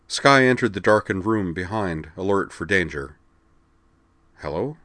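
A man narrating a story aloud in a steady, measured way. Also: low voice, no room sound. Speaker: story reader. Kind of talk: audiobook narration.

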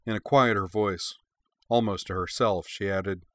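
Low-voiced man reading a story. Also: measured pace, no echo. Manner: steady, descriptive storytelling. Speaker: narrator. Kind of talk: read-aloud fan fiction narration.

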